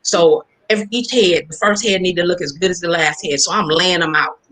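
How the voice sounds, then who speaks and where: A woman from California, a hairstylist telling a personal story in casual conversation, animated and acting out the voices of the people in it. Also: fairly low pitch, fairly quick, poor audio. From Inglewood, California. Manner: animated, acts out the voices in her stories.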